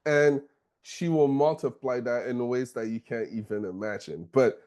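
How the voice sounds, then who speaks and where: A man's voice: mid-range voice, moderate pace, darkish tone. A middle-aged man hosting a podcast discussion, talking casually and often checking in with "okay?" and "you know" between points. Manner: conversational, frequent "okay?" and "you know", chuckles. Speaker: podcast host.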